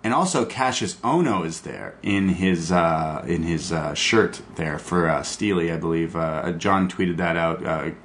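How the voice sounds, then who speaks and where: A man hosting a podcast, excitedly recapping a wrestling show in casual chat, swearing and laughing. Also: low voice, a little slow, hardly any pauses, a little hiss or hum. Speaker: podcast host.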